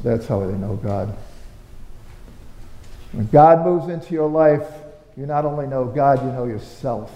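A man's voice: medium pitch, unhurried, pauses often, dark tone. A man preaching a conversational, story-driven sermon, firing off rhetorical questions with sudden emphatic bursts. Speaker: pastor. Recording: roomy with long hall reverb.

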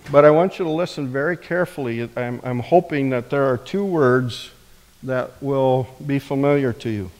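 A man's voice: medium pitch, moderate pace, darkish tone. Man preaching in a reverberant hall. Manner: conversational, with rhetorical questions. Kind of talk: sermon.

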